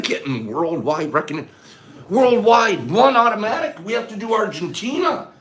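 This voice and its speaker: A man hosting a casual livestream, emotional and animated, swinging from loud bursts to soft, choked-up murmurs. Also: fairly high pitch, a little slow, very noisy. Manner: emotional, gets choked up and clears his throat. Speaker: livestream host.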